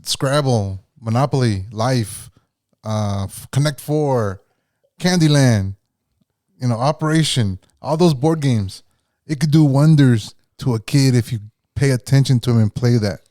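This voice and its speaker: A man's voice: medium pitch, a little slow, warm tone, no echo, clean studio sound. A man co-hosting a podcast, chatting in an easygoing, agreeable way. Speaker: podcast co-host. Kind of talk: casual chat.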